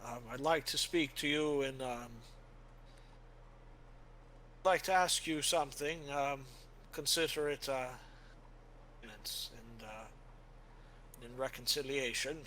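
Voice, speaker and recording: A man's voice: medium pitch, unhurried, bright, forceful tone, a little hiss or hum, low-quality recording. A man voicing a troubled solemn knight. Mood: earnest. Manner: earnest, formal pleading.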